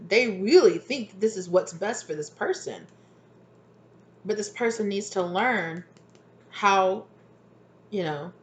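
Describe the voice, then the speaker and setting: Low-voiced woman giving a chatty tarot reading. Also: slight background noise. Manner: chatty, frequent "right?" and "exactly" check-ins. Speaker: tarot reader. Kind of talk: casual spoken tarot reading.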